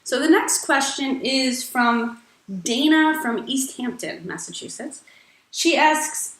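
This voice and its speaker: A woman's voice: high voice, expressive, takes it slowly, fairly bright tone. A woman hosting an advice vlog, answering viewer questions in a playful, blunt, irreverent way. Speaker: host. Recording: echoey room with faint music.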